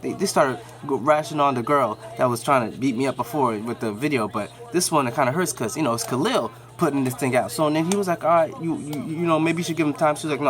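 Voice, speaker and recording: A man with a slightly raised voice rambles through a casual recap of a show. He talks in relaxed slang with lots of fillers and restarts. He jumps his pitch up when he quotes the characters. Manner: loose, rambling retelling with slang and many fillers.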